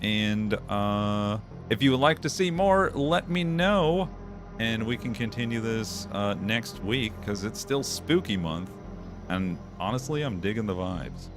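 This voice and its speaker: A man's voice: on the low side, lively intonation, measured pace, music in the background. A male streamer giving casual gameplay commentary, laid-back and chatty, with swearing and laughs.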